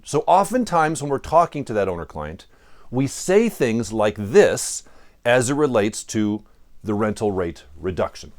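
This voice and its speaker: A man giving a direct-to-camera talk to property managers, animated and acting out example phrases. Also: medium pitch. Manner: animated, acts out quoted phrases.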